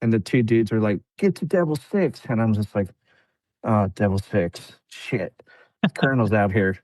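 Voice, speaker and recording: Male guest, lowish voice, relaxed storyteller who mimics others, dry close mic. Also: normal speed, no echo. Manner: laid-back, laughs often, acts out quotes. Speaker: podcast guest, veteran. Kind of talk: casual storytelling.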